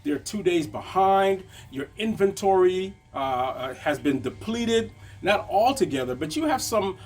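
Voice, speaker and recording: A man's voice: sits high, expressive, a little slow, a little mellow. A man teaching a conversational motivational lesson on business, checking in with frequent tag questions. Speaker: business coach.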